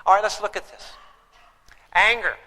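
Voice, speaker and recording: A man's voice: high-pitched, steady tone, normal speed, sharp tone, in a large hall, rough recording. A man teaching a parenting class to a live audience, emphatic and throwing questions at them.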